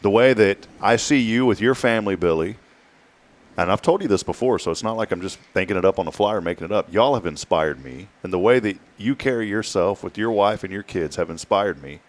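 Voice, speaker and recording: Deep-voiced joking talk host. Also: male voice, fairly quick. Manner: joking, rambling, drawls out key words. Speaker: morning show host. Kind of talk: casual radio talk show chat.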